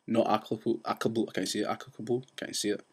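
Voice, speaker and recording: Man, casual vlog rant, fast, rambling, restarts often. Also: lowish voice, flat delivery, husky. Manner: says he talks fast. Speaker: vlogger.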